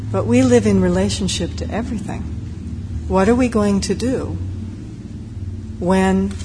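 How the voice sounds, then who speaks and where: A woman meditation teacher giving a dharma talk in a gentle, reflective, unhurried way, with pauses. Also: medium pitch. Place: meditation hall. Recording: long hall reverb, faint noise.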